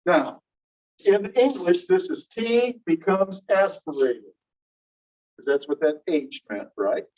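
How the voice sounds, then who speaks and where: A man's voice: high voice, very animated, a little mellow, distant mic. Male instructor, classroom lecture, patient step-by-step explaining, muffled lo-fi room recording. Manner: explains slowly and repeats key phrases, checking understanding. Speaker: linguistics instructor.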